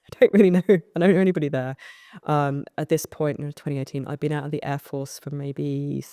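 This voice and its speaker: A British woman with a low voice talks briskly, sharing candid, self-deprecating stories from her past as a podcast guest and coach, acting out old moments with animation. The recording is studio quality with no room sound.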